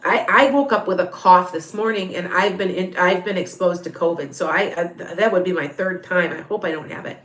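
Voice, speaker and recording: A woman's voice: on the low side, fairly quick, few pauses, fairly bright tone, roomy sound. A woman tarot reader with a stuffy nose, chatting as she answers viewer questions on a live stream. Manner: chatty, thinking aloud.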